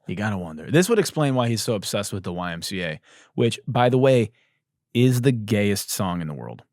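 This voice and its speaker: Male podcast comic, low voice, ranting and mocking, swings wide in pitch. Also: sing-song, a little fast, dry recording, clean studio sound. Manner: ranting, mocking, shouts and laughs. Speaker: comedy podcast host. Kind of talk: satirical comedic monologue.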